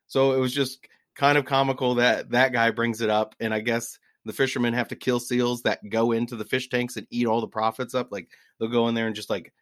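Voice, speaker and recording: A man in his forties, a podcast guest telling travel stories in an animated, laughing way. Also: fairly low pitch, no echo. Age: 40s. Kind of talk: casual storytelling.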